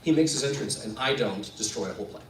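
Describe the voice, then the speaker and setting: Animated man telling a story live. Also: lowish voice, fast talker, slight background noise. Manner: animated, acts out the people in his story. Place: event room at a coffee house performance. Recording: roomy room, voice from a distance, faint ambience.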